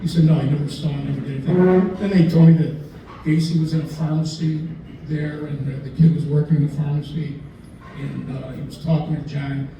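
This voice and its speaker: An older man tells rambling stories at a dinner gathering, slipping into the voices of the people he quotes. His voice is dark and mellow, pitched a little high for a man. He sounds far from the microphone, in a very echoey room with a faint hum behind him. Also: flat delivery, brisk. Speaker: lawyer telling stories at a dinner talk. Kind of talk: anecdotal after-dinner storytelling. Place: dinner event in a restaurant room.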